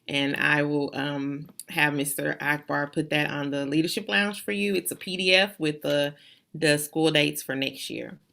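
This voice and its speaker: Low bright lady doing school announcements on a zoom call, playful and chatty. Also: steady tone, unhurried, gravelly. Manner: chatty, playful and warm-hearted. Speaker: school administrator. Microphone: video call.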